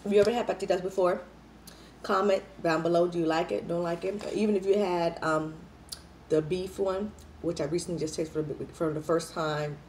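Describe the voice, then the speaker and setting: A woman's voice: fairly low pitch, brisk, a little hiss or hum. Chatty woman vlogger hyped on coffee. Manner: lively, chatty, playful, says y'all a lot. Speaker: mukbang vlogger. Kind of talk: casual eating vlog chat to viewers.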